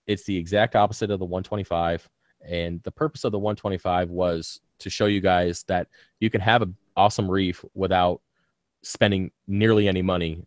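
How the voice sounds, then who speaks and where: This reef aquarium channel host has a very low voice and talks loosely on a live stream, dropping in plenty of ums, uhs and offhand swear words. He lisps slightly because he bit his tongue. The recording sounds close and dry, free of any room echo.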